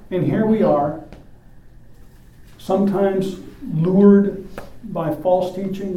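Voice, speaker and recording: Emphatic preacher, high voice, echoey church. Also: male voice. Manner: emphatic, rhetorical questions, animated quoting. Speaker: pastor. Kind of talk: sermon. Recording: echoey room, mic at a distance.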